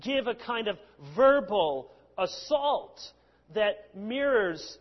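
Man, pastor, expressive sermon delivery, sarcastic asides, high voice, muffled lo-fi sound. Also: takes it slowly. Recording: long hall reverb, dull lo-fi sound.

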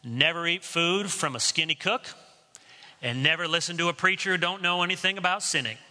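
A man's voice: on the high side, brisk, bright, forceful tone, in a large hall. A male preacher voicing a blunt, plain-spoken rural man in his sixties who teases in a folksy way. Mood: teasing.

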